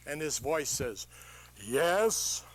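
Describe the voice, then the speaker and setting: An older man delivers a funny motivational talk before a live crowd, his voice a little high and his pace moderate, with no echo. He tells stories with animation and quizzes the audience with questions.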